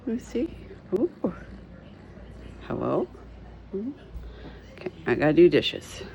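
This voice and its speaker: Mom vlogger, middle-aged woman; low, mellow, gravelly voice, unhurried, coos and half-whispers to her pets at home. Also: very animated, poor audio. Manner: coos softly to a kitten, often half-whispered. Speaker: mother and cat owner. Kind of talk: casual home vlog. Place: family home indoors.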